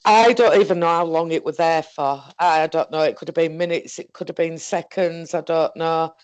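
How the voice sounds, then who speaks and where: A woman with a Northern English accent telling a story in a casual, halting, rambling way, swearing often. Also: low-pitched, a little mellow, no echo. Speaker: guest recounting an experience.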